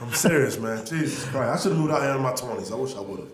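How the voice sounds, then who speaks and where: Man in his 40s, comedian guest, joking storyteller, lively delivery, echoey room. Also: mid-range voice, fast, over a noisy crowd. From Philadelphia, USA. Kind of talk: casual podcast chat. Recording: roomy echoey studio.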